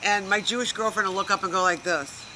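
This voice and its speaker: Animated middle-aged woman doing stand-up. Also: mid-range voice, fast talker, a little hiss or hum. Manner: animated storyteller acting out characters with big exclamations. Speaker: stand-up comedian. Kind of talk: stand-up routine.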